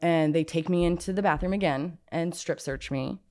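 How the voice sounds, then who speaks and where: A woman's voice: deep voice, normal speed, darkish tone. A woman from Southern California giving an interview and recounting a personal story in casual conversation. She talks frankly and without a filter, with lots of "like" and the odd swear word. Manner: frank and unfiltered, peppered with "like" and swearing. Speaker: interview guest.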